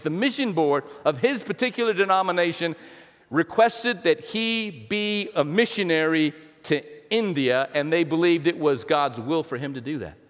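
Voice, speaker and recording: A high-pitched male pastor preaches in a church sanctuary, keeping it chatty and often restarting his sentences. His voice rings out with the long reverb of a large hall. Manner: conversational preaching with repeated restarts and playful asides. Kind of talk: sermon.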